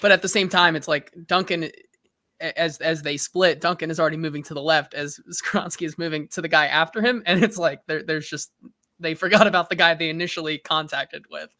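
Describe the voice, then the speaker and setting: A man's voice: fairly high pitch, fairly even intonation, a little fast, sharp tone, no echo, clean studio sound. A man chiming in on a sports podcast as producer, chatting casually and restarting his sentences. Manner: chatty, starts over mid-sentence.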